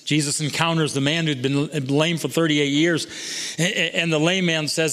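High-voiced preacher in a reverberant hall. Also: male voice, fairly even intonation, moderate pace. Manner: swings between soaring highs and hushed lows. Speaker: pastor. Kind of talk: sermon.

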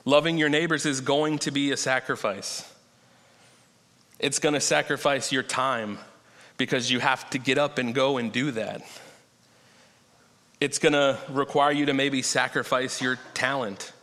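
A man preaching a sermon in a conversational way, slowing down to stress key points. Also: mid-range voice, fairly even intonation, sharp tone. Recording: long reverb of a large hall.

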